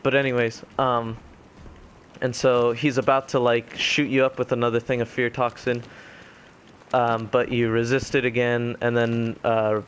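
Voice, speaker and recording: Casual young male gamer, mid-pitched, rambling recap full of ums, faint hiss behind. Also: flat delivery, fairly bright tone. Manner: rambling, filler-heavy retelling with quick quoted voices. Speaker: gaming commentator. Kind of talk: casual spoken game recap.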